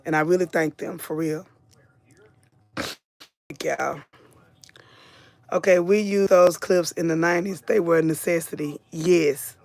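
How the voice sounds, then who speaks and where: A woman's voice: on the low side, steady tone, measured pace, creaky, long pauses, a little mellow, no room sound. A middle-aged woman, hosting a live commentary stream, chatting casually and reading viewer comments aloud. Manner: chatty, reads viewer names aloud, drawls and repeats phrases.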